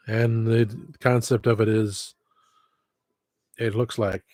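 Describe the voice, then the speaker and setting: A man's voice: lowish voice, flat delivery, slow pace, darkish tone, no echo. A man rambling through a casual livestream, wandering off topic, cutting himself off, adding wistful asides. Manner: meandering, self-interrupting, wistful asides. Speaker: livestream host. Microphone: headset.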